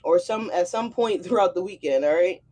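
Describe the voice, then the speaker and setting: The recording is very noisy, carrying a woman's fairly low-pitched voice at a slightly fast pace. She's hosting a casual tarot reading on her channel, slangy and chatty, checking in with viewers via "okay?" and "y'all."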